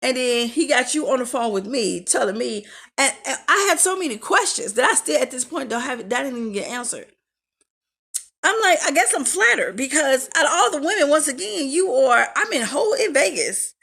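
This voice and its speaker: A woman's voice: sits high, sing-song, moderate pace, gravelly, a bit bright. A woman vlogger telling a storytime rant in a sassy, blunt and profane way. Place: home in Las Vegas.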